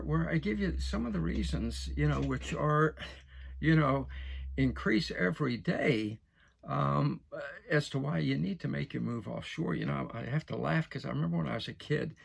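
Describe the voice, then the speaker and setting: Host, sixties, American man, gravelly and raspy, chatty with restarts. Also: mid-range voice. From United States. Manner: folksy, repeats himself, frequent restarts and fillers. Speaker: show host. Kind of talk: casual direct-to-camera talk.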